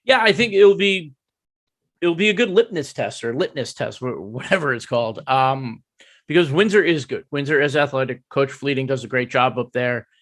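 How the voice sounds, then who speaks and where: A man's voice: medium pitch, lively intonation, moderate pace, a bit bright, no room sound. Man co-hosting, dry close sound. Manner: conversational, repeats points, frequent fillers. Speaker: podcast co-host. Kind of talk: casual sports podcast chat.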